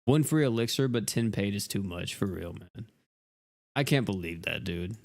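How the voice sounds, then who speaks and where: A man's voice: fairly low pitch, animated, normal speed, creaky. A young man livestreaming a game, rambling casually and exasperatedly to his chat viewers.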